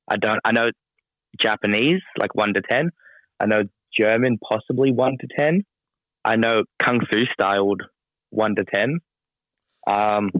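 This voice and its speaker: Deadpan male wrestler on dull audio. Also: on the low side, no room sound. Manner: dry, self-deprecating humor. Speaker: pro wrestler guest. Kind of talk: casual interview chat.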